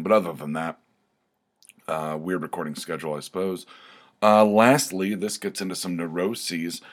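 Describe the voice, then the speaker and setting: A man hosting his own podcast, giving a rambling solo update full of ums, restarts and asides. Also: low-pitched. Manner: rambling, many fillers and restarts. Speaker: podcast host.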